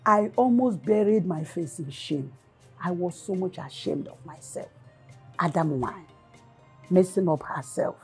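A woman with a Nigerian accent playing a scandalized mother in a film, scolding in a husky voice. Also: lowish voice, measured pace. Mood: outraged. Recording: film sound with faint music.

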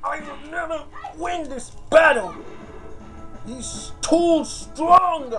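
A man shouts himself through a fighting game in a very high voice. He keeps urging himself on and swearing in frantic bursts, with slow, drawn-out words. Game music plays clearly underneath. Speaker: gamer. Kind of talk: shouting self-coaching while playing a fighting game.

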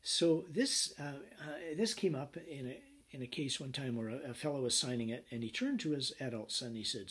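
A man teaching a business law class, telling anecdotes in an animated way with many fillers. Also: medium pitch, moderate pace, few pauses, husky. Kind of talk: recorded lecture.

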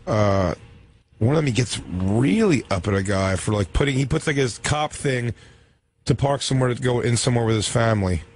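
A man's voice: mid-range voice, animated, a little fast, slight background noise. Rambling male comedy co-host. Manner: rambling, full of restarts and fillers. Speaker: podcast co-host. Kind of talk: casual comedic chat.

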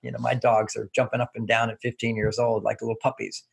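A man with a deeply gravelly, husky voice talks through his ideas as an interview guest. He teaches through everyday stories and chuckles often along the way. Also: level tone, fast talker. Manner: anecdotal, instructive, chuckling. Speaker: relationship author and guest. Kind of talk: relaxed interview talk.

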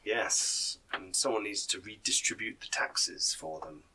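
A man's voice: on the low side, a little slow, distant mic, noisy background, pitched below the performer's own voice, natural voice. A game master voicing a shady male informant in a confiding, hesitant manner. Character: shady male street informant, sly and wary. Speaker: non-player character.

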